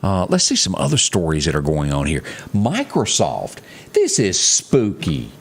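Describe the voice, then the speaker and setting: A man's voice: sits low, wildly swooping pitch, a little slow, husky. A man co-hosting a morning show, reading headlines in a folksy, chatty way with asides. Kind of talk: casual news chat.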